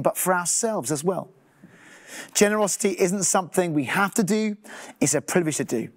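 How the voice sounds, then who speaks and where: A man preaches as a pastor, his voice sitting a little high for a man. He speaks earnestly and now and then voices the thoughts of people in the pews. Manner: earnest, acts out listeners' thoughts. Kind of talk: sermon.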